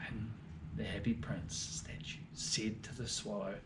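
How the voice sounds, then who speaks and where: A man reading a story to children, swinging between loud and hushed lines. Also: medium pitch, big pitch swings, normal speed. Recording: echoey room.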